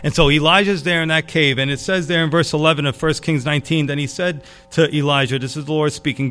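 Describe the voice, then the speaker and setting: A man preaching a sermon, animated and casual, dropping to a hushed tone for emphasis. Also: fairly high pitch, fast talker, few pauses, faint music behind. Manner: animated, drops to a hush for emphasis. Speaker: pastor.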